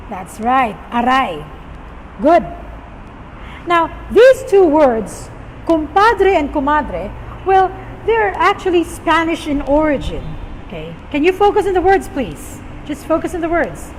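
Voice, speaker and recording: High-voiced woman teaching words. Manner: patient, repeats words for listeners to echo. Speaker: storytelling teacher. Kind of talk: teaching vocabulary to viewers. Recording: long reverb with faint vehicle noise.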